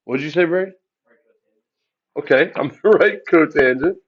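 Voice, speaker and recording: A man teaching a math lesson, asking the class questions and answering them himself in a relaxed, chatty way. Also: fairly high pitch, moderate pace, breathy edge, highs cut off. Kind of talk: classroom lecture.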